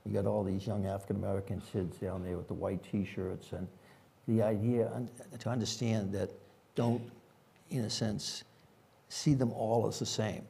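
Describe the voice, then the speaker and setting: A man's voice: fairly low pitch, level tone, moderate pace, creaky, mellow, slightly rough. An older man with a Boston accent, a former police chief telling rambling anecdotes with frequent fillers at a conference panel.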